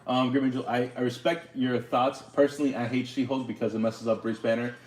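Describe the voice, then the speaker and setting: A man's voice: medium pitch, level tone, fairly quick. A man chatting casually on a live stream, loose and talkative, answering comments while he works. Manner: loose and chatty, talking to chat while drawing.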